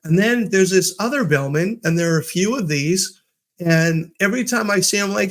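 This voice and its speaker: Hosting his own podcast, a man with a high, lively voice speaks at normal speed in an upbeat, casual motivational talk. He tells stories, acting out quotes, with fillers and restarts along the way.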